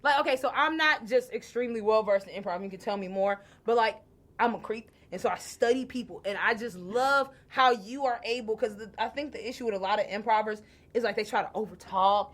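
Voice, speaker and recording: A woman's voice: a little high, a little fast, fairly bright tone. A woman from hosting a podcast, chatting casually, laughing often and swearing freely. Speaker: podcast host. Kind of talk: casual chat.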